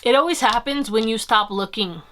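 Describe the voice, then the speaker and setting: A woman's voice: a little high, normal speed, fairly bright tone. A young adult woman giving a casual tarot reading to camera, chatty and upbeat, swearing now and then. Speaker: tarot reader and channel host.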